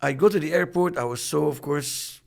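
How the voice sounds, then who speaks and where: A man in his fifties with a gravelly, fairly high voice tells a long business story. He is animated and acts out the voices of the people in it. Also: moderate pace. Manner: animated storyteller acting out quotes. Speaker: podcast co-host. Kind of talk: casual storytelling.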